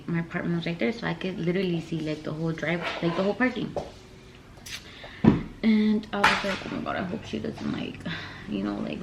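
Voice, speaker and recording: A woman's voice: on the low side, vocal fry, background noise. A young woman vlogger telling a storytime in a rambling, casual way, full of fillers and switching between English and Spanish.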